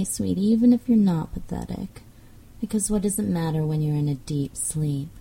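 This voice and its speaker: A young woman leads a teasing hypnosis role-play in a very slow, coaxing manner. Her voice is husky and breathy, with a deep, mellow tone that sits a little low for a woman, and she lets soft laughs slip in. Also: poor audio. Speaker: audio role-play performer.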